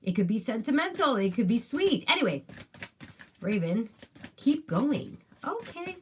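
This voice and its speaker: A woman's voice: on the high side, big pitch swings, a little slow, slight background noise. A woman doing a casual tarot reading, chatty and musing aloud, with emphatic repetitions. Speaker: tarot reader.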